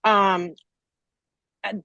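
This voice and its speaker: A woman's voice: medium pitch, little pitch movement, extremely slow, vocal fry, sharp tone, no room sound, dull audio. A woman hosting a podcast in a casual, candid chat, talking in an earnest and reflective way with frequent "um" and "like". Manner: earnest and reflective, with 'um' and 'like'. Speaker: podcast host.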